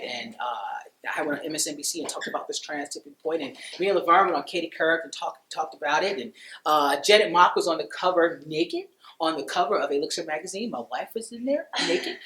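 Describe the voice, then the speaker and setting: A man with a bright, forceful voice, heard in an echoey room, tells a personal story to a dinner audience. His delivery is conversational and loose, full of "you know" and quick laughs. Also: sits high. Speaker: speaker at a dinner talk.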